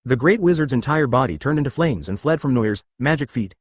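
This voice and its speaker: A man's voice: mid-range voice, lively intonation, brisk, husky, no room sound, clean studio sound. A man narrating a fan-fiction story as a synthetic audiobook voice, reading censored words out letter by letter with asterisks.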